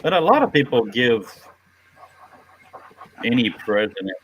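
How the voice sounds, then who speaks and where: A man's voice: medium pitch, big pitch swings, a little slow, a bit bright, poor audio. Tired, offhand man on a stream. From Texas. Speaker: live stream host. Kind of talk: casual chat. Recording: faint background noise.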